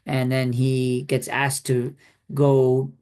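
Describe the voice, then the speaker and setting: A man co-hosting a podcast about films, rambling and halting, often ending with "right?". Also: mid-range voice, monotone, darkish tone, smooth. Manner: rambling, halting, lots of 'right?' tags. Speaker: podcast co-host. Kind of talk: casual film chat.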